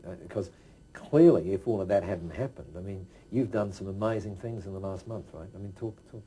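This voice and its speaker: Low-voiced male interviewer. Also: fairly quick, warm tone, poor audio. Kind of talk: conversational interview.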